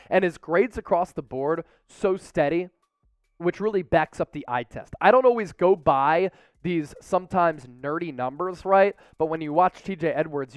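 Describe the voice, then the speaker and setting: A man's voice: on the high side, no room sound, studio quality. A man hosting a sports show, giving upbeat, opinionated commentary and rattling off stats.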